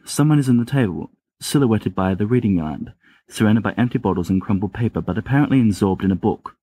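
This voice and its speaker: A man's voice: lowish voice, expressive, quick pace, dark tone, slightly rough, dry recording. A man narrating a story in an amateur audiobook reading, plainly, with small restarts. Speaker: podfic reader.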